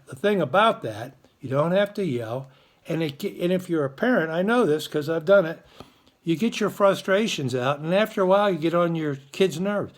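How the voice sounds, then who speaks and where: Upbeat school announcer man, higher voice. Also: expressive, a little fast. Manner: upbeat, encouraging, chatty. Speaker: school morning show host.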